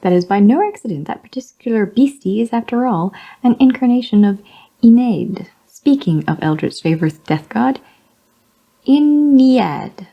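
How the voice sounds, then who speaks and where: A woman's voice: medium pitch, animated, fairly quick, few pauses, muffled recording. A woman hobby vlogger reading a magazine aloud with her own commentary. She sounds out each word, corrects herself, and stays amused.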